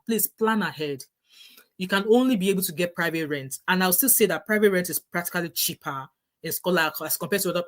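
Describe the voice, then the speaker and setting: A middle-aged woman with a Nigerian English accent, vlogging casual advice earnestly and often restarting her sentences. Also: fairly low pitch. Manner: earnest, repetitive, with frequent restarts.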